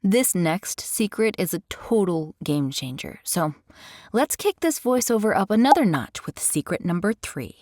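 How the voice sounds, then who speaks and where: A woman's voice: medium pitch, big pitch swings, unhurried, a little mellow, no echo, clean studio sound. A woman hosting a voiceover tutorial in an upbeat, chatty scripted narration with playful asides. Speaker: tutorial host.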